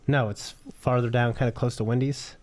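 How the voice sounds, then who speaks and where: A man co-hosting a podcast, rambling through a casual story in a relaxed chat. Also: medium pitch, normal speed. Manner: rambling, unsure directions. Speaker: podcast co-host.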